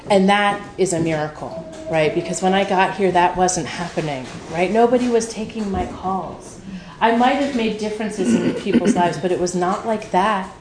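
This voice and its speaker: A woman's voice: medium pitch, moderate pace. A woman telling a personal recovery story at a meeting, candid and emotional, swearing freely and full of fillers. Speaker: speaker sharing at a recovery meeting. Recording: echoey room with noise.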